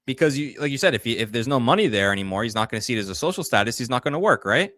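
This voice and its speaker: A man co-hosting a casual political call-in show, giving animated opinions and laughing often. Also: mid-range voice, rapid-fire, dry recording, clean studio sound. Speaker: co-host.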